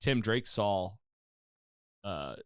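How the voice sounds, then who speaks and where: A man with a fairly low, smooth voice speaks very slowly while hosting a podcast, casually recounting a TV episode. He brings the quoted lines to life by acting them out, and the studio-quality recording has no room sound.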